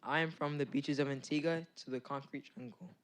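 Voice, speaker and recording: A teenage boy, a high school student, reads his own poem at a school board meeting, starting shy. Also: fairly even intonation, a little fast, fairly bright tone. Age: teens. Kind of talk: poetry reading.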